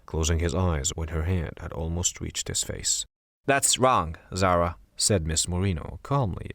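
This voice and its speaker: A man narrating a horror story audiobook in a measured, steady way. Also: low-pitched, creaky, dry recording, studio quality. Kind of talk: scripted narration.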